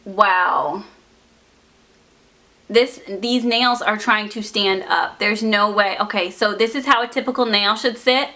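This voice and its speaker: Bright-voiced, exasperated young woman vlogger. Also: mid-range voice, slow. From United States. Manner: exasperated, animated storytelling with laughs. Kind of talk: storytime vlog talking to camera.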